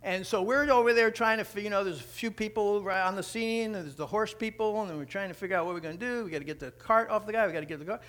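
A man preaching through an animated, conversational story. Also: sits high, quick pace, hardly any pauses. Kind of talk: sermon storytelling.

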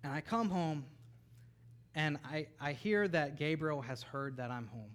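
A man in his thirties delivers a sermon from the pulpit. His voice sits a little high. He moves between quiet, intimate asides and sudden loud, excited bursts. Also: a little slow. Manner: animated, rises to near-shouting bursts and drops to soft asides. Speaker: pastor.

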